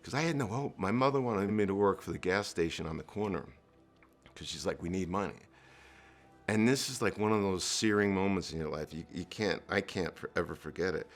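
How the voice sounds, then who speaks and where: Faint music plays behind a low-pitched, brisk male voice. It belongs to a middle-aged New Jersey entrepreneur who earnestly recounts his life in an interview, using fillers and restarting sentences.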